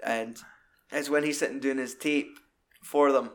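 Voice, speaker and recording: A man in casual, sweary film chat, acting out scenes in high put-on voices. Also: steady tone, unhurried.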